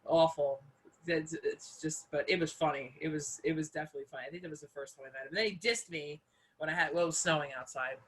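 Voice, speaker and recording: A young woman hosting a casual comedy chat, telling stories with big laughs and lively, animated delivery. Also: deep voice, fast. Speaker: host.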